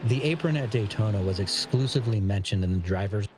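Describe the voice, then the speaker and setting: A man's voice: fairly low pitch, lively intonation, fast, darkish tone, a little hiss or hum. An American man co-commentating on a live sim racing stream, laid-back and analytical, laughing often. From United States.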